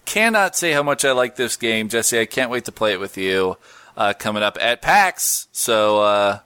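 A man hosting a podcast in a loose, joking way, often breaking into laughter. His voice is bright and swings widely in pitch. The recording is close and dry. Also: animated, normal speed, clear, resonant tone, no echo. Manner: jokey, laughs often, reads listener posts and plugs. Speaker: podcast host. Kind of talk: casual podcast chat.

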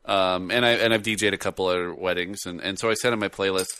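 A man's voice: low-pitched, quick pace, clean tone, no echo. A man hosting a casual podcast, joking and laughing often as he chats with his co-host. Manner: animated, laughs often, jokey.

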